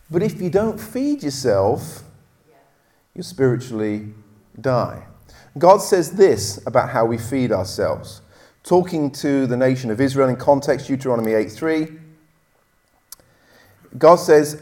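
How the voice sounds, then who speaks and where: Guy preaching, animated, acts out little stories, voice jumps around. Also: a little high, unhurried. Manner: animated storyteller, acts out characters. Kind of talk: sermon with a told joke.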